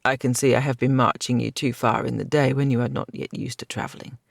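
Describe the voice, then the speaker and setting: A man's voice: mid-range voice, flat delivery, fast, vocal fry, no room sound, studio quality. A man doing a stern old knight. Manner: scolding, formal. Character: stern older male knight master.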